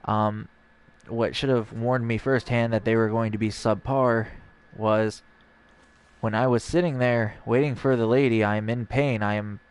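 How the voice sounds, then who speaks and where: Young male streamer, lowish smooth voice, casual rambling storyteller. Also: fairly even intonation, measured pace. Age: young adult. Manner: rambling, acts out dialogue.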